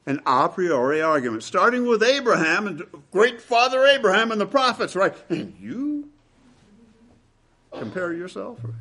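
A man preaching a sermon with dramatic, emphatic delivery, swinging between loud and hushed lines. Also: high voice, big pitch swings, moderate pace.

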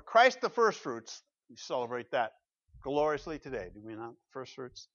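A man preaching a sermon in a church, swinging from loud emphatic declarations to low asides and asking the congregation rhetorical questions. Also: sing-song, moderate pace, no room sound, dull audio. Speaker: pastor.

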